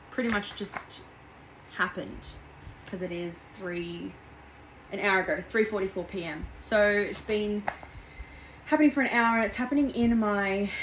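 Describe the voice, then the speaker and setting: A young woman talks through a tarot reading at home in a loose, meandering way. She circles back and restarts often, and her voice sits at a medium pitch. A faint hiss runs underneath. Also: fairly bright tone, rough recording. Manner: rambling and heartfelt, with frequent fillers and restarts. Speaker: tarot reader. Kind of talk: casual tarot reading monologue.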